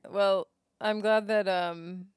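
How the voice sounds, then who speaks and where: A woman's voice: medium pitch, steady tone, takes it slowly, clean tone, no echo, clean studio sound. Teasing woman in podcast banter. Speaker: podcast co-host. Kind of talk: casual chat.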